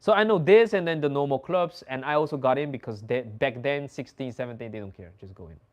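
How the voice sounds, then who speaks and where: A young Dutch man with a mid-range voice talks fast while hosting an easygoing chat. His storytelling is animated, with frequent swearing and bursts of laughter.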